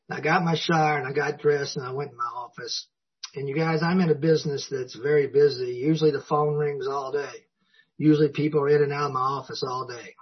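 His voice is husky and medium-pitched, with fairly even intonation and a brisk pace, heard on a dull lo-fi recording. At a recovery meeting, he tells the audience his personal story in a folksy, self-deprecating way, with frequent chuckles.

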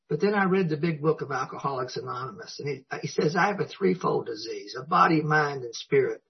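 Older male speaker, folksy storyteller, breathy voice, a bit high. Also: brisk, few pauses. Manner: folksy storytelling, acts out dialogue. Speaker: recovery meeting speaker. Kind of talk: personal recovery talk. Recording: dull lo-fi recording.

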